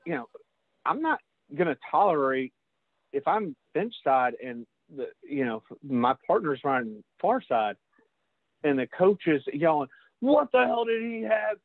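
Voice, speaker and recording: A man's voice: medium pitch, no room sound. A man, a lacrosse official, leading a casual training session and talking straight to the group, calling them guys. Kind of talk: casual instructional talk. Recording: dry, tinny phone-like line.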